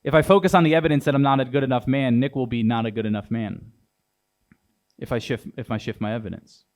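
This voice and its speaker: A man's voice: medium pitch, fast. A young adult man giving a keynote speech on stage, punchy and dramatic, talking straight to the audience. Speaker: motivational speaker. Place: large event hall on stage.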